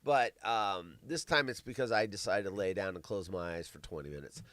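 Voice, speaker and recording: A middle-aged man hosting a live show, rambling and swearing, with big swings between loud bursts and mumbling. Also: deep voice, brisk, no room sound. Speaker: podcast host. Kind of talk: casual live-stream chat.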